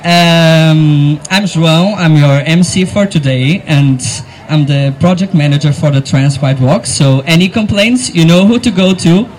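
A man's voice: a little high, low-quality recording. Emotional man hosting an outdoor event. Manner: emotional, halting, laughing between words. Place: outdoor event crowd gathering.

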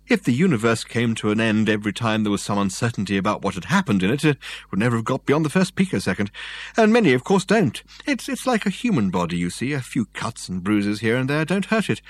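A man's voice: medium pitch, very animated, fairly quick. A man voicing a genial older male professor explaining things in a rambling way. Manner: chatty, explaining.

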